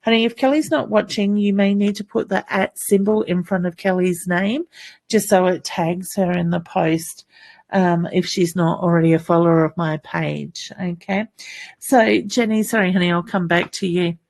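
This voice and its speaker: An Australian woman with a somewhat low voice hosts a live psychic session on a computer mic. She talks in a chatty, familiar way, reads viewer comments aloud and calls people honey. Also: normal speed, gravelly, a little mellow. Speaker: psychic medium hosting a live stream.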